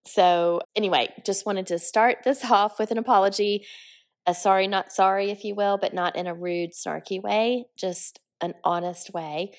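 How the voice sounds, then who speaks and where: A woman's voice: medium pitch, fairly even intonation, normal speed. A woman in her forties hosting her own podcast, talking candidly and a little rambling, stuffy from a head cold. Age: 40s. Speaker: podcast host. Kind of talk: solo podcast monologue.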